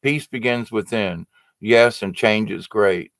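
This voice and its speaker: A man's voice: lowish voice, slow, fairly bright tone, no room sound. A man hosting a casual spiritual livestream, reading out viewer comments and talking them through in an earnest, rambling way full of fillers and restarts.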